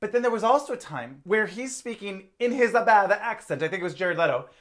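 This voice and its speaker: A woman co-hosting a film review podcast in casual chat. She talks in a chatty, expressive way and laughs often. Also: medium pitch, brisk.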